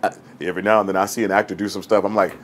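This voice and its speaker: A man in his forties, a stage actor, telling a personal story in a lively way and acting out the voices he quotes. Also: sits low, rapid-fire, slight background noise. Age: 40s. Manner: animated, acts out quoted voices.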